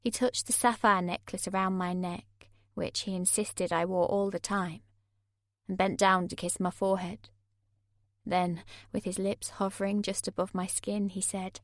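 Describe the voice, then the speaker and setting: A woman's voice: mid-range voice, level tone, normal speed, no room sound, studio quality. Woman narrating a tense thriller audiobook. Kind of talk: first-person thriller narration.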